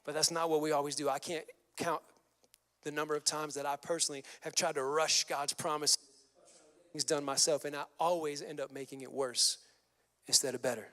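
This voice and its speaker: High-voiced preaching pastor in a reverberant hall. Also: male voice, brisk. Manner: energetic preaching with casual slang asides. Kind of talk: sermon. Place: church sanctuary.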